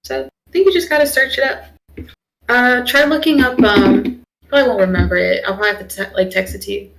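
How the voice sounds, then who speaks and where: A woman's voice: medium pitch, a little fast, gravelly, rough recording. A young woman streamer chatting casually while she draws, rambling with lots of fillers. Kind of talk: casual chat while drawing.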